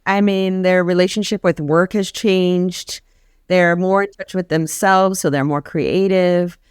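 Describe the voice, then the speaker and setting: A woman's voice: on the low side, fairly even intonation, unhurried, a little mellow, clear, resonant tone, no echo, studio quality. A woman guest talking casually and earnestly about a sabbatical grant program, telling stories and acting out the people she quotes. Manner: earnest storytelling, acts out quoted voices. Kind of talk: casual conversation.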